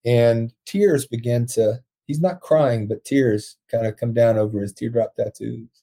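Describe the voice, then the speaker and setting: Earnest man with a dark, husky voice. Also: medium pitch, fairly even intonation, measured pace. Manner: earnest, emotional storyteller who laughs often. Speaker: podcast guest, prison ministry founder. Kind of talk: storytelling in conversation.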